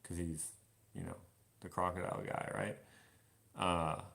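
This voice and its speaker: A man's voice: deep voice, sing-song, unhurried, gravelly, a bit bright. A young man doing a casual live Q&A while washing dishes in his kitchen. He rambles, reads viewer comments aloud and muses on them. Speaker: vlogger answering live questions.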